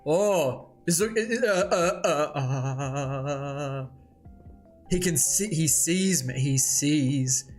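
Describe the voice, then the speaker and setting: A man hosting a casual comic read-along, reacting excitedly and thinking aloud as he goes. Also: on the high side, extremely slow, soft background music. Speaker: host.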